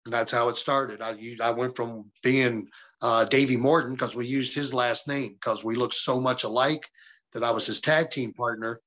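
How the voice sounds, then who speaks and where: A man's voice: medium pitch, fairly even intonation, normal speed, fairly bright tone. A man from the American South, a wrestling guest on an interview show, telling stories casually and profanely and acting out the people he quotes.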